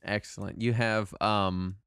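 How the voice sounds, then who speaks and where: A man running a tabletop game as game master, narrating in a relaxed way with plenty of fillers and easy laughter. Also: fairly low pitch, unhurried, clear, resonant tone, dry recording, studio quality.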